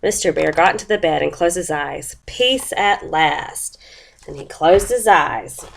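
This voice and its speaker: A woman with a drawl explains her lesson plan in a plain, classroom way. She has a cold and sniffles as she talks. When she reads the story she slows down and puts on voices and sound effects for the characters. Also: deep voice, gravelly. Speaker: teacher presenting a lesson plan. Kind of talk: explaining a lesson and reading a picture book aloud.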